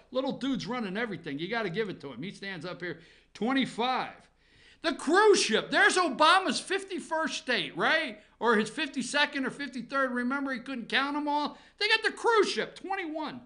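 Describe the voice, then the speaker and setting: A man's voice: very high voice, sing-song, moderate pace, pushed and bright. A man hosting a comic headline countdown from an office, sarcastic, rambling and profane. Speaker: comedy news host.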